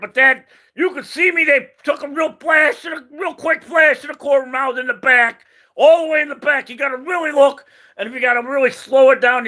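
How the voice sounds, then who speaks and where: A man's voice: extremely high pitch, pushed and bright. A man hosting his own channel, talking off the cuff in an emphatic, rambling way, repeating himself and groping for names. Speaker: channel host. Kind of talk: unscripted opinion monologue.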